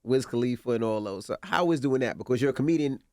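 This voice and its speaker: A man co-hosting a radio show, asking lively, probing questions. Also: medium pitch, fast talker, no echo, clean studio sound. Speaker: radio co-host. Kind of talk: casual radio interview.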